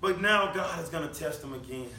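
A pastor with a high voice delivers a conversational sermon, relying heavily on rhetorical questions and speaking a little fast. His tone is bright and ringing. Recorded from a distance, he sounds set back from the mic in an echoey room with faint background hum.

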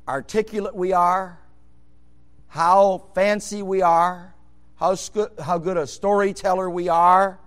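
A man preaching a sermon, moving from quiet storytelling into loud, fervent hollering. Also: on the high side.

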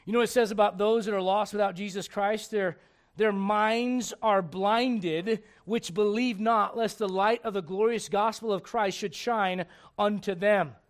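A man preaching a casual storytelling sermon, joking and chatty, dropping to a hush and then rising loud. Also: high voice, fairly even intonation, unhurried. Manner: conversational, joking, swings from hushed to loud. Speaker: pastor.

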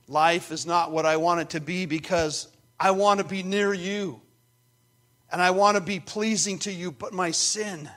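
An anguished ancient psalmist voiced by a man preaching cries out for mercy, pleading and insistent. The voice lifts a little higher and louder as it begs to be heard. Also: fairly even intonation, a little slow. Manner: pleading, intense, emphatic.

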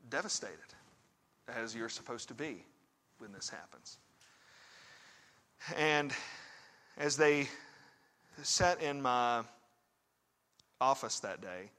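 A man preaching a sermon as a pastor and counselor, telling a story conversationally and putting direct questions to his listeners, swinging between hushed and emphatic. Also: mid-range voice.

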